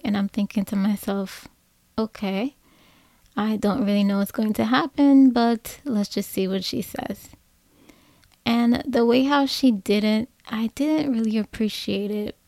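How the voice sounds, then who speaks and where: A woman speaks slowly and thoughtfully as she recounts a personal story, pausing often between her phrases. Her voice sits at a medium pitch, and the recording is dry and close, with no room sound at all. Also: a little mellow, no echo. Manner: slow, reflective, earnest telling with pauses. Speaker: teacher.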